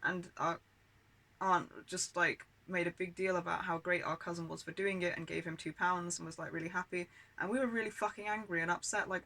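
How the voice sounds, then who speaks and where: A woman's voice: lowish voice, fairly even intonation, brisk, bright, forceful tone, rough recording. A British woman telling childhood memories in a candid, aggrieved way, full of swearing and filler words. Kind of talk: personal storytelling monologue.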